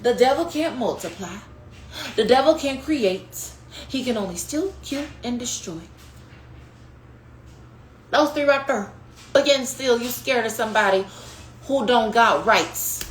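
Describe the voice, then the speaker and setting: A woman preaching a prophetic teaching on her podcast, in a passionate, conversational way that swings from hushed to loud, calling listeners "baby" and "y'all". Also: on the high side, lively intonation, measured pace, long pauses. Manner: passionate, conversational preaching with sudden rises and drops. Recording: echoey room with faint noise.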